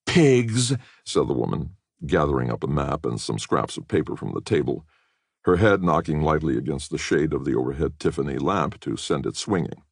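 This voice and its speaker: A man reading a spy novel as an audiobook narrator, measured and expressive. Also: very deep voice, creaky, husky, dry recording, studio quality. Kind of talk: scripted narration.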